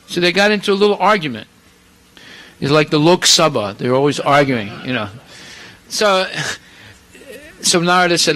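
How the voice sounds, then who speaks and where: A male preacher telling scripture stories in an animated sermon, acting out the characters with asides to the audience. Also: a little high, moderate pace, poor audio. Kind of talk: storytelling sermon.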